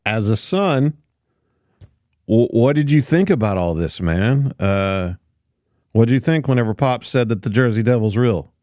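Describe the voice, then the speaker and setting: A man hosts an interview and asks his questions in a relaxed, conversational way. His pitch moves up and down a lot. The sound is dry. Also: measured pace, no echo.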